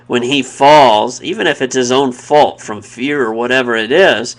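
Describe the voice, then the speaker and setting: A man giving an earnest, reflective personal devotional talk, pausing and restarting mid-thought. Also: mid-range voice, a bit bright. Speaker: devotional video speaker.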